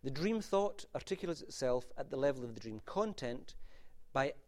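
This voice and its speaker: A man's voice: mid-range voice, animated, normal speed, a little mellow. A man lectures on literary theory. His delivery is wry and discursive, with asides and restarts. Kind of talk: university lecture. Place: lecture room.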